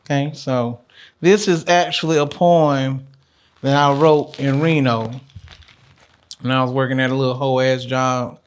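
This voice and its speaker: A man's voice: medium pitch, fairly even intonation, measured pace, smooth. A man, a laid-back, joking interview guest who slips into rhythmic poetry. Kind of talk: casual interview chat and spoken poem.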